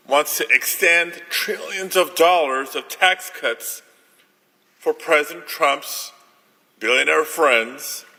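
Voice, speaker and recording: A man senator speaks very slowly and deliberately in an indignant floor speech. His voice is raised a little and cuts bright and sharp. A long chamber reverb hangs on every phrase. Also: a little high. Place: large legislative chamber.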